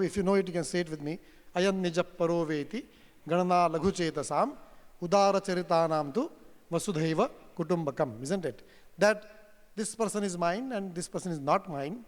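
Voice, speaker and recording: A man giving a keynote, animated storytelling with quoted Sanskrit verses. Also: high-pitched. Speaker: keynote speaker. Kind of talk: storytelling lecture. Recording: hall reverb.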